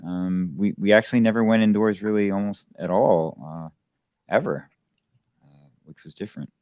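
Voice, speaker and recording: Low relaxed man, dry sound. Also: no room sound. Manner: relaxed, halting, lots of fillers. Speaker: theatre company actor. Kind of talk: interview guest.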